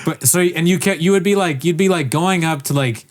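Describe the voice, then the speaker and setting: A man's voice: on the high side, brisk. A man telling a rambling story in casual podcast chat, swearing and acting out what people said. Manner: rambling, animated, swears, acts out quotes.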